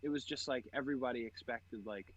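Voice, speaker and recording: Speaking fast in a mid-range voice, a young man co-hosts a podcast, laughing and chatting loosely about the video games he's playing and cursing frequently. The audio quality is poor.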